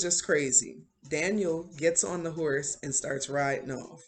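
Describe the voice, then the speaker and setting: A woman's voice: sits low, unhurried. A woman casually retelling a movie plot, rambling with many fillers such as "like" and "um". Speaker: channel host recapping a movie. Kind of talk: casual spoken movie recap.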